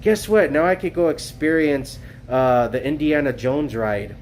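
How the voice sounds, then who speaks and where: A man's voice: medium pitch, measured pace, faint music behind. A male streamer talks straight into his phone in a loose, rambling monologue. His voice sits in an ordinary middle register, and he circles back on his words with fillers and restarts, earnest and repetitive. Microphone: cell phone.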